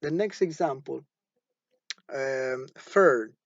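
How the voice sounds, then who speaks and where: A male teacher walks through a recorded phonology lesson at a very unhurried pace, saying each example word two or three times over. His voice sits a little higher than most men's. The recording is dull and lo-fi, with a dry, close sound and no room echo. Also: expressive. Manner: slow and deliberate, repeating example words several times.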